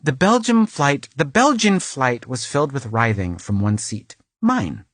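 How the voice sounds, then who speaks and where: A man playing a vain, self-absorbed woman author who reads her florid travelogue aloud in a deadpan comic style, fussing over and restarting her lines in a recording booth. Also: mid-range voice, measured pace, no room sound. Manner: fussy, florid, keeps restarting and correcting lines. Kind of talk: deadpan comic audiobook reading.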